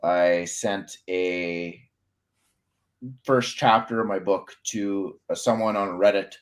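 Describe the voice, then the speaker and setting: A man hosting a casual author interview, relaxed and enthusiastic, filling his speech with "like.". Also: low voice, takes it slowly. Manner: relaxed, says "like" often, enthusiastic. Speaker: interview host.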